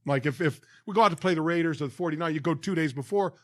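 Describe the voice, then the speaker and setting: A man's voice: fairly high pitch, racing, no room sound, studio quality. A man in his sixties, a guest on a podcast, telling anecdotes with acted quotes and lots of restarts. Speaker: guest, former football player. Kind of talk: casual storytelling interview.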